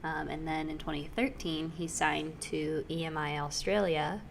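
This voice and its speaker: A young woman co-hosting a music podcast, running through facts in relaxed casual chat with fillers, on a desk mic in a small studio. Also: deep voice, normal speed, creaky, slight background noise. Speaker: podcast co-host. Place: small studio in a dorm basement. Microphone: desk microphone.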